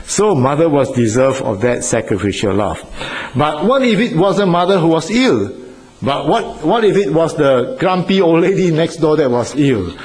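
A man's voice: mid-range voice, a little mellow, rough recording. A man preaching a sermon in an earnest way, repeating phrases for emphasis and putting questions to his listeners.

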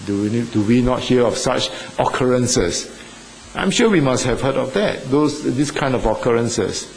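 A man preaching a sermon with an earnest, halting delivery, full of fillers, rising with emphasis at key points. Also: medium pitch, animated, slight background noise, low-quality recording. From Singapore or Malaysia.

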